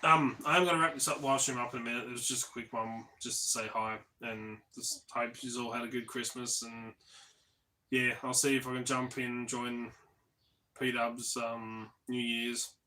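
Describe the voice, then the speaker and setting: Bright-voiced man rambling on a live stream. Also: medium pitch, flat delivery, moderate pace, a little hiss or hum, poor audio. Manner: rambling, lots of ums and restarts; laid-back, swears offhandedly. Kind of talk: casual live-stream chat.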